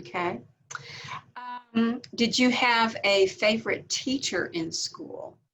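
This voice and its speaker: A woman interviewing a candidate, asking friendly, halting questions with many fillers. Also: fairly high pitch, fairly bright tone, slight background noise. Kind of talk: casual interview. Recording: muffled recording.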